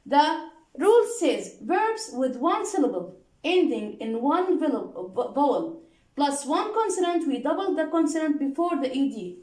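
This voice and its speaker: A woman's voice: high voice, big pitch swings, dark tone, echoey room. A woman teaching English grammar, patiently repeating each rule and checking in with "okay?" and "deal?". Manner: spells out letters one by one and restates rules slowly. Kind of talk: explaining grammar rules to students.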